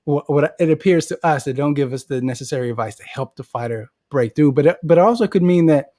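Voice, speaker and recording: A man hosting an interview, talking in a relaxed, chatty way and asking questions. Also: a little high, fast, no room sound, clean studio sound. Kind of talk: casual interview.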